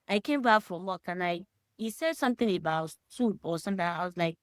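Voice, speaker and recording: A woman's voice: on the low side, fairly quick, no room sound, studio quality. A woman in her thirties with a Yoruba Nigerian accent talks emphatically in a casual discussion. She mixes Yoruba phrases into her English. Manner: emphatic, animated, talks straight to the listener. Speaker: podcast discussion guest. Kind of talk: casual faith-centred discussion.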